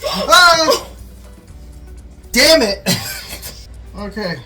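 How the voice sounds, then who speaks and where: Woman, slow drawl, lively swooping pitch, wry humor, music behind. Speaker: vlog co-host. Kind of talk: casual chat.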